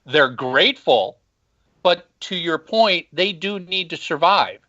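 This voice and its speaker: A man's voice: on the high side, expressive, slow, pushed and bright, lo-fi sound. A man calling in to a casual interview, talking bluntly and emphatically about music fans. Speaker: podcast host and former band marketer. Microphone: phone call.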